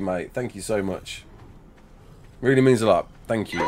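A man's voice: mid-range voice, lively intonation, moderate pace, noisy background. A man in his thirties chatting casually with his livestream chat while building in a game, reacting with laughs and sudden outbursts.

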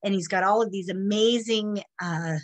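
A woman hosting a community program on a video call, giving an emotional, halting introduction with many restarts while tearful. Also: medium pitch. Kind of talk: heartfelt spoken introduction.

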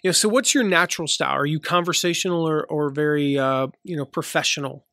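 A man's voice: on the high side, fast, sharp tone, no echo, studio quality. Chatty man with a faint Southern lilt. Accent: light Southern US. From American South. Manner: chatty, many fillers and restarts. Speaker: podcast host. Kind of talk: casual solo podcast teaching.

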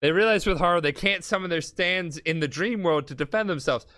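A drunk man retells a story on a podcast, rambling, swearing and laughing as he goes. His voice is bright and forward, pitched a bit high for a man. His delivery is loose and animated. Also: brisk. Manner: rambling, profane, laughing, acts out characters. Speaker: podcast host. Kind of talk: casual comedic retelling.

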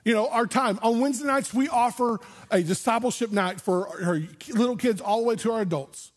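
Husky, high-voiced man preaching a sermon. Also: fairly quick. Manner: animated storytelling, acting out imagined voices. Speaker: pastor. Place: church sanctuary.

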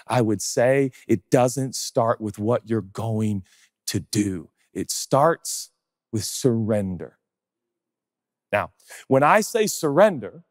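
A male pastor preaching a sermon, animated and conversational, firing off rhetorical questions and chatty asides. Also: medium pitch, no room sound, clean studio sound, big-room sound.

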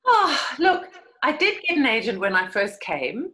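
A woman's voice: medium pitch, moderate pace, low-quality recording. A middle-aged woman with a South African accent, telling stories animatedly as an interview guest. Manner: animated storytelling, laughs often. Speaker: guest, actress and cabaret artist. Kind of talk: conversational interview.

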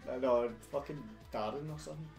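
A man's voice: medium pitch, fast, vocal fry. A young Scottish man chatting casually as co-host, laddish and sweary, laughing often. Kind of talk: casual chat. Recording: echoey room with music behind.

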